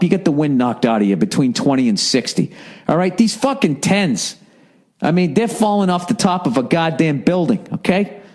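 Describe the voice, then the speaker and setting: Middle-aged male podcast host with a slightly high voice, doing a profane, exasperated comic monologue. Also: darkish tone. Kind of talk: comedic monologue rant.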